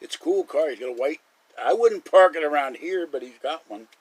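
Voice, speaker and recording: Man, casual rambling monologue, chuckles a lot, fairly high voice, dry sound. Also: expressive, brisk, husky, no echo, poor audio. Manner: chatty storyteller, chuckles often. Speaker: live stream host.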